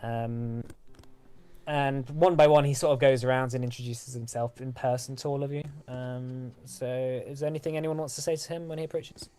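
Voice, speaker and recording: A man runs a tabletop fantasy game, describing scenes in a relaxed, halting way. He uses many fillers as he narrates. His voice sits at an average pitch. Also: smooth. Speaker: game master.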